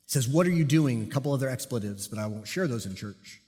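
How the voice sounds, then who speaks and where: Animated man preaching in a big hall. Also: medium pitch, fast, husky. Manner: animated storytelling with self-deprecating humor. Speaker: pastor and police officer. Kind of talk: sermon with personal story. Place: church sanctuary. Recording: long hall reverb.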